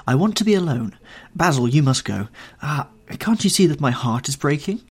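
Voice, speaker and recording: A man voicing a proud young man who speaks in a hard, bitter, raised voice, with a husky tone. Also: mid-range voice, sing-song, moderate pace.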